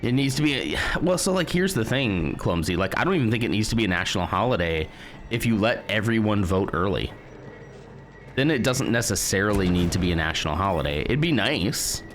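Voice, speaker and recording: An American man streaming a video game, chatting casually with viewers and thinking out loud in a hesitant, musing way. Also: fairly low pitch, expressive, brisk, faint music behind. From United States. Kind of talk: casual live-stream chat while gaming.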